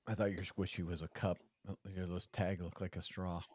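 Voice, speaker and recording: A man co-hosting a podcast in casual chat, playful and quick to laugh. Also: dry recording. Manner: playful, laughs often, lively swings in pitch. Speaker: podcast co-host.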